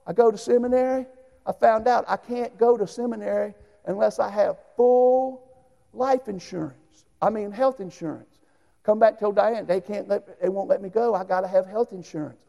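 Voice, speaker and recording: A middle-aged man, a pastor telling his own story in a sermon, folksy and given to shouted bursts. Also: high voice, normal speed, creaky, in a large hall, dull audio. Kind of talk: sermon testimony.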